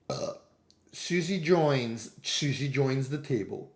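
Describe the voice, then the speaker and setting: A man's voice: on the high side, animated, moderate pace, fairly bright tone. A man streaming and chatting casually, rambling through anecdotes and putting on other people's voices.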